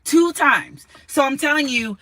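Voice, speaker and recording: Very bright-voiced woman reading tarot. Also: sits high, animated, measured pace, dry recording, low-quality recording. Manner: emotional, repetitive, casual with swearing. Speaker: tarot reader. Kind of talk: tarot card reading to camera.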